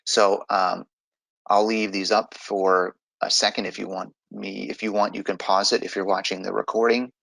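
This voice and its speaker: A man's voice: lowish voice, level tone, moderate pace, creaky, fairly bright tone, no room sound, rough recording. A man teaching an online grammar lesson, explaining step by step in a patient way.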